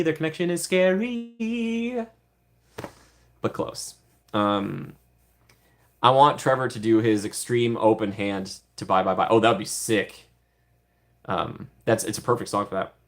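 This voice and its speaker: This streamer has a fairly low voice and talks at a normal speed. He chats casually on a livestream, playfully responding to viewer comments with frequent giggles.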